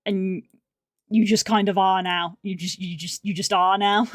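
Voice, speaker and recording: A woman's voice: medium pitch, fairly even intonation, measured pace, dry recording, clean studio sound. A young woman streaming while editing video, rambling and musing aloud to her chat in a casual way.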